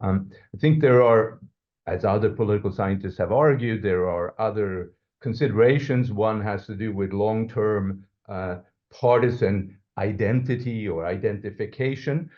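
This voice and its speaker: A low-voiced male professor answers questions on a podcast, thinking aloud and hedging as he goes. He often restarts his sentences, and the recording sounds dull and lo-fi. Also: normal speed. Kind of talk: academic interview answer.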